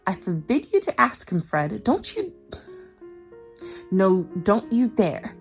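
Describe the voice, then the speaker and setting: A woman's voice: high-pitched, very animated, normal speed, bright, forceful tone, soft background music, pitched above the performer's own voice, heavily acted. A woman voicing a fond but stern mother of a big family while reading a storybook aloud. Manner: scolding, fussing.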